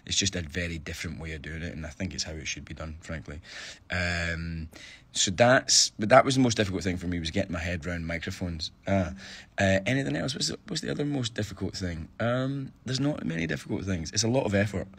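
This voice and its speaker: A man's voice: sits low, expressive, a little fast, creaky, fairly bright tone, breathy edge. A Scottish man, a stage actor, chatting casually on a phone live stream and answering fan questions, thinking aloud with restarts.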